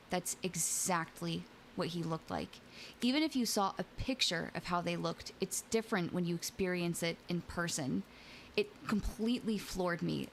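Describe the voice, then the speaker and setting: A woman's voice: lowish voice, creaky, a little hiss or hum. A young adult woman hosting a live stream, reading scary stories aloud and chatting playfully with viewers, often giggling. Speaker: VTuber streamer and host. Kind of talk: casual stream chat and story reading.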